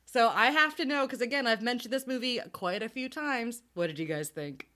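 A woman's voice: a little high, brisk. A woman co-hosting a casual podcast, recapping a movie plot with lots of laughter and acted-out character lines. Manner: animated, laughs often, acts out characters' lines. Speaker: podcast co-host.

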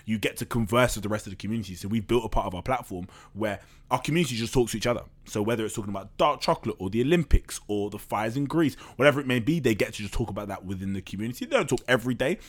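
A man's voice: lowish voice, very fast, hardly any pauses. A man, a startup co-founder, talking openly and casually as a podcast guest, with loose slang and the odd swear. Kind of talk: candid podcast conversation.

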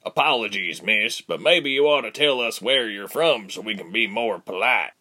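A man's voice: on the low side, expressive, normal speed. A man voicing a boisterous tavern guest who calls out mocking remarks in a storybook. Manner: loud, mocking.

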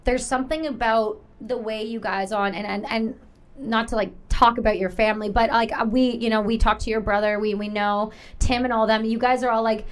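Woman host from Canada, slightly high voice, chatty and rambling. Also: steady tone, a little fast, clear, resonant tone. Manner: chatty and rambling, many fillers. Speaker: podcast host. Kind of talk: casual interview chat.

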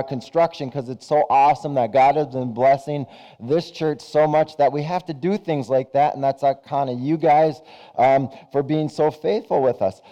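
Folksy male pastor with a mellow voice. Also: mid-range voice. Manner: chatty, joking, folksy. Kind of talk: casual conversational sermon.

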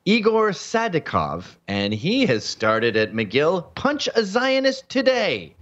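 A man's voice: sits high, huge pitch swings, takes it slowly, fairly bright tone, muffled recording. A man from Canada talking as a guest on a talk show, sardonic and mocking. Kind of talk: casual talk show chat.

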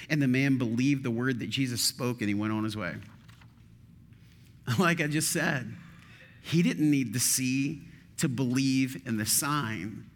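A man's voice: medium pitch, lively intonation, measured pace, big-room sound. A male teaching pastor giving a sermon in a church, reading scripture aloud and asking the room questions, with touches of dry sarcasm. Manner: conversational, asks the room questions.

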